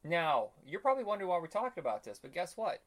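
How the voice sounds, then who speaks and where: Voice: mid-range voice, sing-song, quick pace. A podcast co-host in casual chat, opinionated, swearing freely and acting out jokes in put-on voices.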